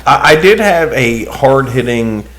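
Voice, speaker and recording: A man co-hosting a casual podcast, talking in a rambling, hesitant way and often restarting his sentences. His voice sits at an ordinary middle pitch. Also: expressive, measured pace, a bit bright. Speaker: podcast co-host. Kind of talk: casual chat.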